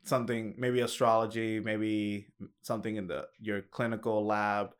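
A man hosting a casual podcast chat, relaxed and jokey, laughing easily. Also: fairly low pitch, normal speed, smooth. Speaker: podcast host.

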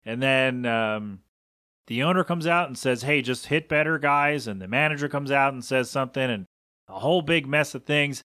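A man's voice: medium pitch, moderate pace, sharp tone, no room sound, studio quality. A man hosting a podcast, chatting loosely about sports on his own, often correcting himself and wandering off into asides. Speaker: podcast host. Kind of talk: casual solo sports talk.

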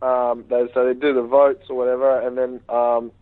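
A man on a tinny phone line tells a long story in a rambling, animated way, jumping in with quoted lines. His voice sits at an ordinary middle pitch. The call sounds dry and close. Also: normal speed, no room sound. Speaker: interview guest. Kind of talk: casual phone interview storytelling.

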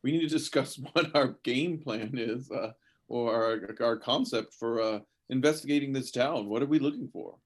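A man speaking as a tabletop game player, halting and restarting as he lays out a plan. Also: mid-range voice. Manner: halting, stops and restarts while planning. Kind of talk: casual chat.

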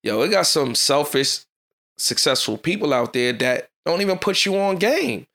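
A man hosting his own podcast, giving a fast, fired-up motivational talk in a casual street style. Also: fairly high pitch, sing-song, creaky, bright, forceful tone. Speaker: podcast host.

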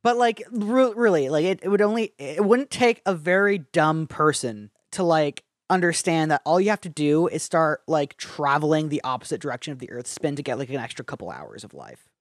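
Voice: medium pitch, expressive, no room sound, clean studio sound. Crude, jokey podcast co-host. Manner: crude, jokey, quick to laugh. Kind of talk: casual movie-review chat.

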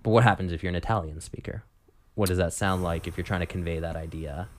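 Low-voiced chatty podcast host. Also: male voice, quick pace, a little hiss or hum. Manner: chatty, thinks aloud with fillers. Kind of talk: casual chat.

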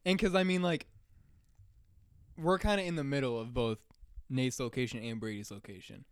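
Easygoing male co-host, mid-pitched voice, dry close mic. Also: moderate pace, clean tone, no room sound. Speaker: podcast co-host. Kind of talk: casual chat.

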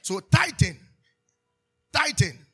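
A Ghanaian-accented pastor preaches a sermon in an extremely high, very animated voice, moving at a slow pace with a slightly bright, slightly rough quality. He calls out questions for the congregation to answer and slips into Twi.

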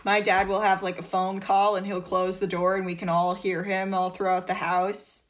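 Woman podcaster, loud and jokey, quick casual delivery full of "like.". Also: medium pitch, little pitch movement. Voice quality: loud, says so herself. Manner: fast, joking, filler-heavy with lots of "like". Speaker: podcast co-host. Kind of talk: casual chat. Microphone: home podcast setup.

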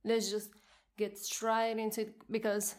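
A young woman with a non-native accent talks alone on her podcast, ranting with indignation. She speaks at an unhurried, deliberate pace, and her voice sits at an ordinary pitch for a woman. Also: monotone. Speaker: podcast host. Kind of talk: solo podcast monologue.

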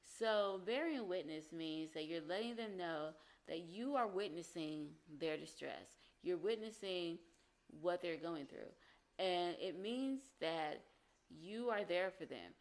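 A woman talks through relationship advice in a casual, earnest way. Her voice sits a little low for a woman, and she acts out the phrases people might say. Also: expressive, slow pace. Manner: earnest, explains with acted-out example phrases.

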